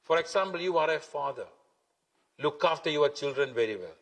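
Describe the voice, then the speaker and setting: A man's voice: fairly high pitch, lively intonation, brisk, fairly bright tone. A man preaching a sermon as pastor, emphatic and repetitive, stretching key words. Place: church hall. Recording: long hall reverb.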